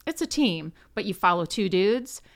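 A woman's voice: medium pitch, animated, moderate pace. A woman actress guest on a podcast, chatting enthusiastically and saying "like" often. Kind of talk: casual chat.

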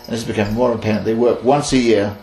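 A man from Kenya in his sixties, an animal handler telling stories in a lively, laughing way and acting out bits of dialogue. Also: fairly low pitch, fast. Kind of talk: casual interview storytelling. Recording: echoey room with mains hum.

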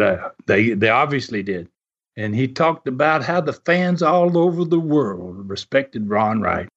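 A man's voice: on the high side, fairly bright tone. A man telling wrestling stories in a casual, rambling way, full of fillers and chuckles. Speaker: wrestling history storyteller. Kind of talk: casual storytelling. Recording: dull lo-fi sound.

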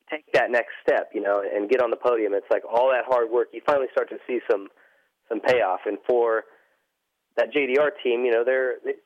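A man chats casually on a racing podcast, self-deprecating and quick to restart his sentences. His voice is mid-pitched. The recording is dry and slightly dull. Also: no room sound. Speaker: co-host, former team manager.

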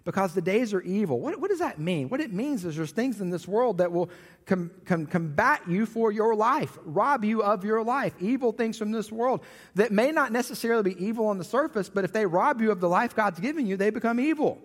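A man in his thirties preaching a sermon as pastor, with animated storytelling and jokey asides. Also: sits high, a little fast, in a large hall.

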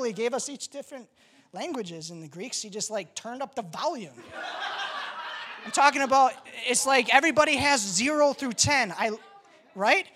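Animated joking woman preacher. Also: fairly high pitch. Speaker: pastor. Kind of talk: casual sermon.

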